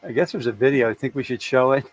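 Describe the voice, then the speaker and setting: A man's voice: medium pitch, quick pace, poor audio. A middle-aged man co-hosting a casual news chat, joking, swearing and laughing as he goes. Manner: joking and profane, laughs often. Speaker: co-host.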